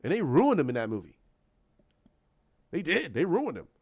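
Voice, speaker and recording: Man, high voice, passionate opinion rant, repetitive, restarts phrases, muffled lo-fi sound. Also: huge pitch swings, normal speed. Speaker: YouTube commentator.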